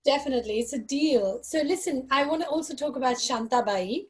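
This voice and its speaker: Woman, host, fairly high voice, encouraging, affirming, video call. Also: brisk. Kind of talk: casual interview.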